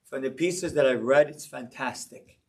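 A man giving a sermon-style Torah class, telling stories with animated delivery and acting out voices in them. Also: medium pitch, normal speed, far from the mic. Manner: animated storyteller, acting out a child's voice. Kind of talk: sermon with storytelling.

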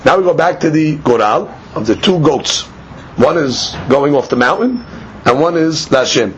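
A man's voice: fairly high pitch, lively intonation, moderate pace, highs cut off, a little hiss or hum. A man giving a daily Talmud lecture, explaining each step by asking and answering his own questions. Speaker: Talmud teacher.

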